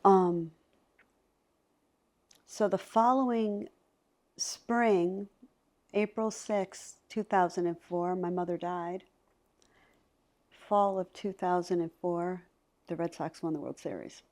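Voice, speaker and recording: A middle-aged woman who works as a psychic medium shares stories in a conversation, bringing them to life by voicing the people involved. Her voice is lowish, and she takes her time, leaving long pauses.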